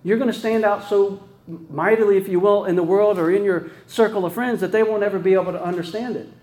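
A man with a fairly high, slightly mellow voice gives a conversational sermon at a fairly quick pace and steady tone. He's casual, sprinkling in "right?" tag questions and restarting his phrases, while his voice echoes around the room.

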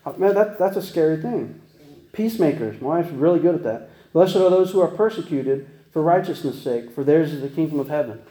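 A man's voice: a little high, lively intonation, brisk, dark tone, reverberant, poor audio. A man preaching a casual sermon, chatty and folksy, with many restarts and laughing at himself as he tells stories.

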